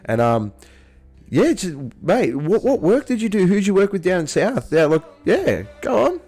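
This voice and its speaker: A man's voice: high-pitched, sing-song, a little slow, darkish tone. Man, livestream host, enthusiastic, stumbling restarts, says mate a lot, faint music behind. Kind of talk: casual interview chat over beers.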